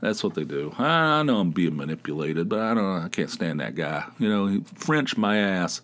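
A man's voice: low-pitched, lively intonation, moderate pace, fairly bright tone. A middle-aged man hosting his own podcast, chatting casually in a rambling, wry way and swearing freely. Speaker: podcast host. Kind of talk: casual solo podcast chat.

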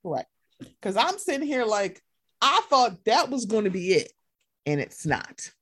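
A woman's voice: medium pitch, very animated, a little slow, fairly bright tone, breathy edge, no room sound, clean studio sound. A woman co-hosting a casual gossip podcast, talking animatedly and slipping into playacted quotes. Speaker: podcast co-host.

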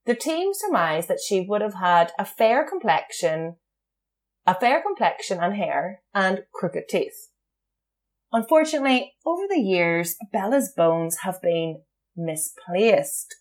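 A woman's voice: medium pitch, very animated, slow pace. A woman co-hosting a podcast, telling a true crime story in a casual chat and laughing often. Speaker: podcast co-host.

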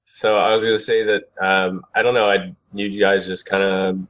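A man's voice: low-pitched, level tone, normal speed, a bit bright. A man appearing as a guest on a podcast, answering casually in a hesitant way with many ums and uhs. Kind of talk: casual interview chat.

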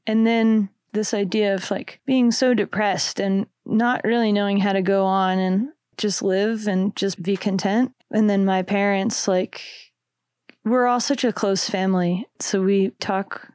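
A young adult woman and musician guest, talking reflectively in a casual interview, with many "like"s and soft laughs. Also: medium pitch, fairly even intonation, measured pace, clear, resonant tone, dry recording, studio quality.

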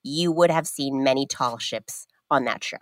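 A woman co-hosting a podcast, teasing her partner in a playful, animated way. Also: very deep voice, moderate pace, no room sound. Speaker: podcast co-host. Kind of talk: casual podcast chat.

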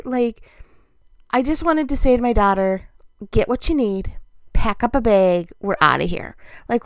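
Middle-aged woman, high voice, dry close mic, chatty and self-deprecating with easy laughs. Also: dry recording. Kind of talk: casual storytelling monologue.

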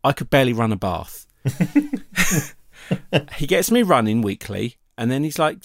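A middle-aged man telling a personal story in a casual, animated way, acting out the voices he quotes. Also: medium pitch, normal speed, gravelly, no echo, studio quality.

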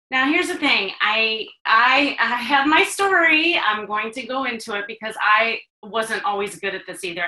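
A middle-aged woman from the Chicago area hosts a podcast and tells a personal story in a lively, animated way, laughing now and then. Her voice is bright and clear. The room around her sounds echoey. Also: medium pitch. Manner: animated, laughs while telling stories. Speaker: podcast host. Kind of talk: storytelling monologue. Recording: roomy echo.

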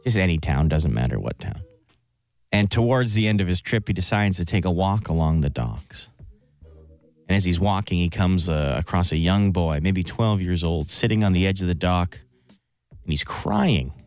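A man co-hosting a morning radio show, telling a long joke in a slow, deadpan storytelling way. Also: low voice, no echo, soft background music.

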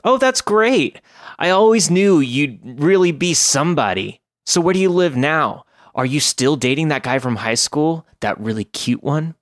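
A man's voice: a little high, animated, no room sound, clean studio sound, pitched above the performer's own voice. A man voicing a chirpy, pushy young woman caller who gushes and fires off prying questions. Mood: gushing. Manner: gushing, rapid-fire prying questions.

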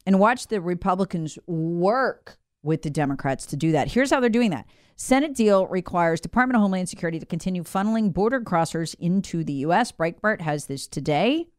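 A woman's voice: on the low side, expressive, fairly quick, a little mellow, no echo, studio quality. A woman hosting a political commentary show, talking in an emphatic, indignant monologue with sarcastic asides.

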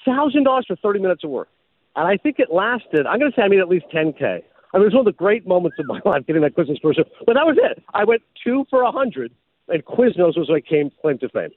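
A man's voice: high-pitched, fast talker, no echo, phone-quality sound. A man, a former sportscaster, telling stories in a casual chat and slipping into an announcer voice now and then. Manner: animated storyteller, slips into announcer voice. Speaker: podcast host and former sportscaster.

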